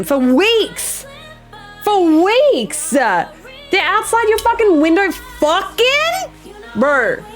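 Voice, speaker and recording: Australian woman streamer, higher voice, casual and expressive, lots of laughs, light music bed. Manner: animated, swears freely, laughs often. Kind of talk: casual chat with viewers.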